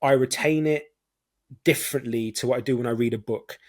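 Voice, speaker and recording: A man's voice: medium pitch, fairly quick, darkish tone. A man with a British accent, a podcast guest in casual conversation, explaining ideas with everyday examples. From United Kingdom.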